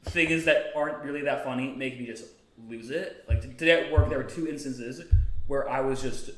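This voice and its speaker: A man's voice: medium pitch, moderate pace. Giggly man in an echoey room. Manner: giggly, easily cracks up laughing. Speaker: podcast co-host. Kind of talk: casual chat. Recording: echoey room with faint noise.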